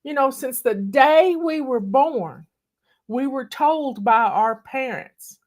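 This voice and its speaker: A woman's voice: high-pitched, expressive, takes it slowly, darkish tone. A woman, hosting a casual live video chat in a folksy, emotional, drawling manner, teary at times. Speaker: host.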